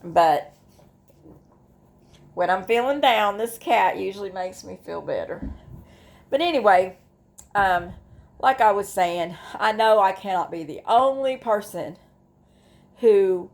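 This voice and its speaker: A woman's voice: medium pitch, animated, a little slow. A middle-aged woman, talking casually to the camera in a rambling way that is full of restarts and asides. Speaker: vlogger. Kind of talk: casual talk to camera about grief.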